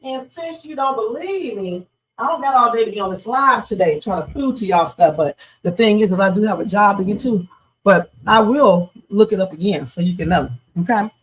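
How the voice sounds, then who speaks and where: A middle-aged woman runs a casual reaction livestream with a slightly husky voice. She talks bluntly and with emphasis, answering her chat directly. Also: mid-range voice, expressive, moderate pace, poor audio.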